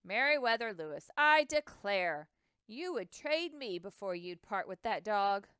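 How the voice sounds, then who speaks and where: Woman voicing a jovial teasing male captain, good-humored, smooth voice, dry close sound, storybook. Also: medium pitch, very animated, measured pace, pushed and bright, dry recording.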